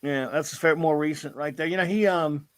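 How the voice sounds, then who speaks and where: A man's voice: fairly high pitch, normal speed, fairly bright tone, no echo. A middle-aged man hosting a casual chat, telling a story in an enthusiastic, rambling way. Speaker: host.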